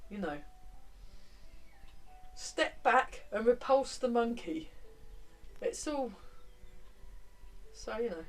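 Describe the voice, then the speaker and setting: A woman's voice: a little high, far from the mic, low-quality recording. Woman teaching tai chi. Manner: relaxed, chatty, counting movements aloud. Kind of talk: guiding a movement class.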